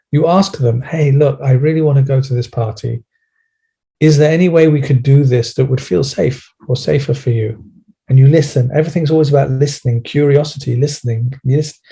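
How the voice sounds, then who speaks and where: A man speaking as a podcast guest with a British accent, in a gentle, coaxing way with slow pauses. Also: medium pitch. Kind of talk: podcast conversation.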